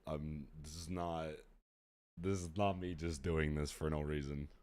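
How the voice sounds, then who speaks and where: A man streaming a game live, sick, with an unusually deep and rough voice, chatting in slangy, exasperated asides to his viewers. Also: fairly even intonation, unhurried, darkish tone. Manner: slangy, exasperated, talks straight to chat. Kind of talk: casual live-stream chat.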